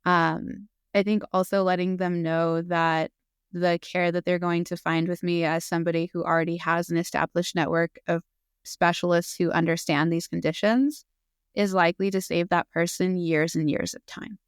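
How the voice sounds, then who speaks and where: A woman's voice: fairly low pitch, little pitch movement, normal speed, smooth, dry recording, clean studio sound. A woman in her thirties, a physician assistant, talking openly and earnestly as a podcast guest, with frequent fillers. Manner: earnest and open, with fillers and laughs. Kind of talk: casual interview conversation.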